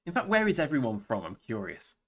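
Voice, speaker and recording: A man's voice: medium pitch, huge pitch swings, fast talker. A man with an English accent chatting casually on a live gaming stream, rambling and wry as he answers viewers by name. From England. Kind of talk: casual live-stream chat while playing a strategy game.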